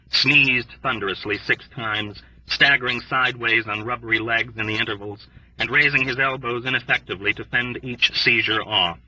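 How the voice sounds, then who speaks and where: Brief: male audiobook narrator, measured storytelling, husky edge, dry room, a bit off-mic. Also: mid-range voice, pushed and bright, no echo, distant mic, dull audio. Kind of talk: scripted narration.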